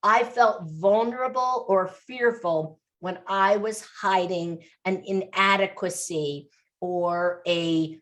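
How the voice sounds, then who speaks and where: A woman guest on a podcast, telling personal stories in an emphatic, animated way, often repeating phrases for stress. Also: medium pitch, slow pace. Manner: emphatic, animated storytelling with repetition. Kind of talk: interview.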